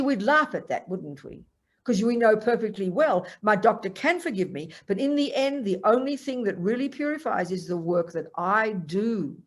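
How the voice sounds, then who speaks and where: An older woman giving a Buddhist teaching to a group, animated and acting out the voices she quotes. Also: medium pitch. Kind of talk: Dharma talk to a group.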